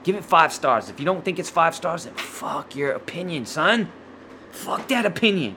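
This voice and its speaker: A man hosting his own podcast, ranting loudly with lots of swearing and slang, stumbling over restarts, short of breath with a sore throat. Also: fairly high pitch, big pitch swings, normal speed, a little hiss or hum. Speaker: podcast host. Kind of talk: profane solo podcast rant.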